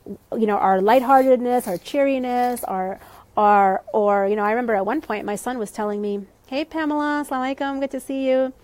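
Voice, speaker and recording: A woman life coach in a conversational, reflective live-stream talk, gently reassuring viewers and using many fillers. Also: on the high side, a little fast, no room sound.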